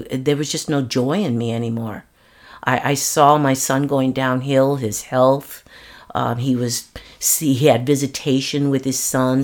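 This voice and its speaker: In an interview, an older woman with a rumbling low voice tells her personal story earnestly and haltingly, often restarting her sentences.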